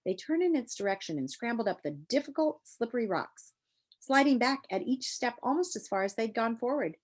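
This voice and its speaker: Brief: woman narrator, animated storytelling, lively pitch. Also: brisk. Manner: expressive storytelling. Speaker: reader. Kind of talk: reading a children's novel aloud.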